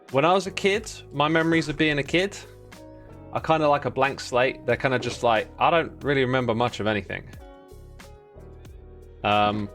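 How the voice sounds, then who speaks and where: A man in his thirties talks in a relaxed, rambling way as he streams a game. His voice sits at an ordinary middle pitch, and he reads out viewer names and messages between thoughts. Faint music plays softly behind him. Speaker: livestreaming gamer. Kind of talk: casual livestream chat.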